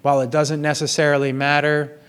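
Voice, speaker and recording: A man in an earnest, apologetic personal monologue, speaking slowly and in a measured way, recorded in a gym. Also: fairly high pitch, little pitch movement, fairly bright tone, clear, resonant tone. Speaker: vlogger sharing personal confessions.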